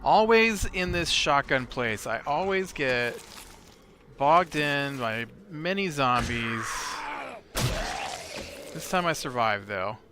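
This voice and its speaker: A man chats his way through a video game, drawling along slowly with plenty of ums and uhs. His voice sits at an ordinary middle pitch. Steady background noise runs under the recording. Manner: rambling, many filler words. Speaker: let's play host. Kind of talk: casual gameplay commentary.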